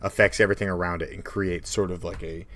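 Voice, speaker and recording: Playful young man, low voice. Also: fairly even intonation, fast, pushed and bright. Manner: playful, hesitant with ums. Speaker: podcast co-host, game master. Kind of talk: casual chat.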